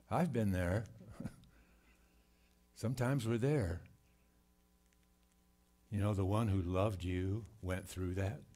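A man preaching a sermon in a church, reading scripture and commenting with slow, earnest emphasis. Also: lowish voice, warm tone. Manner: slow, earnest delivery with scripture read aloud and dramatic quoted cries. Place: church sanctuary.

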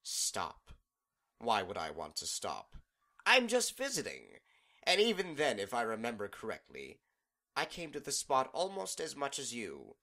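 A man's voice: mid-range voice, huge pitch swings, unhurried, vocal fry, pushed and bright, full character voice. A man voicing an impatient, sulky male chaos spirit in a fan audiobook reading. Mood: mocking.

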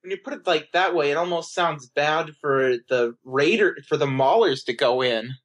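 A man playing a tabletop game, chiming in now and then with short, dry remarks. His voice sits a little high for a man. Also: normal speed. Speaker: player.

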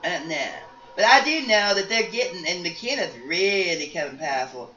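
A woman's voice: on the low side, lively intonation, normal speed, a bit bright. A woman voicing a chatty psychic grandmother in a life-sim game story, rambling and folksy with many restarts. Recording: roomy, distant, dull sound with faint noise.

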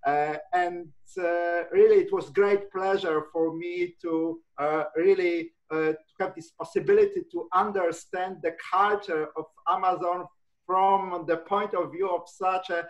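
Male academic interviewer; halting, filler-heavy delivery. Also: high voice, fairly even intonation, highs cut off. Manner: hesitant, many fillers and restarts. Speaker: professor and interviewer.

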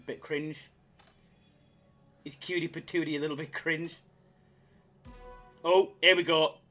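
A man chatting casually on his live slots stream, excitable and self-mocking, swearing freely as he reads the chat. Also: on the high side, measured pace, soft background music.

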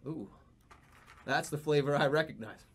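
A man streaming casually, rambling and swearing with animated, jokey delivery. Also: on the high side, normal speed, creaky, husky. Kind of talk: casual livestream commentary.

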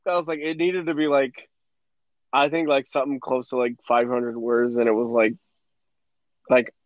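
A young man co-hosting a podcast in casual chat, telling a movie plot in an animated, profane way and acting out quotes. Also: medium pitch, normal speed, dry recording. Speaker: podcast co-host. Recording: dry, dull lo-fi podcast audio.

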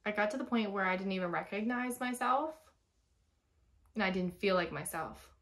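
A woman's voice: medium pitch, moderate pace, a bit bright. A woman in her thirties, a former teacher, talking candidly and chattily in a personal vlog, telling stories frankly and with feeling. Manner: frank and emotional.

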